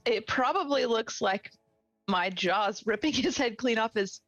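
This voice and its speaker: A woman's voice: fairly high pitch, unhurried, a bit bright, no room sound, highs cut off. A woman playing a tabletop game, talking in a playful, gleeful way. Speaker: player. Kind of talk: casual tabletop role-play.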